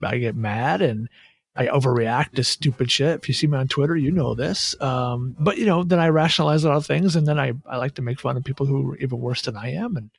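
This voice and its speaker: Gravelly-voiced man in casual sports chat. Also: mid-range voice, quick pace, dry recording. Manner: candid, profane, self-deprecating. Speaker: podcast co-host.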